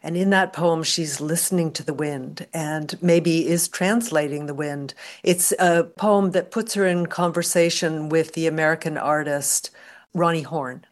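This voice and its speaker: Low-voiced older woman academic. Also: steady tone, a little slow. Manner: thoughtful, articulate, academic. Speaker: guest professor emerita. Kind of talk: radio interview answers.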